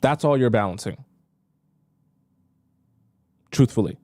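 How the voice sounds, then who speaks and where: A man's voice: mid-range voice, expressive, slow pace, darkish tone, dry recording. A young man, a dating coach, giving blunt commentary on a livestream. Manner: blunt, talks straight to women viewers.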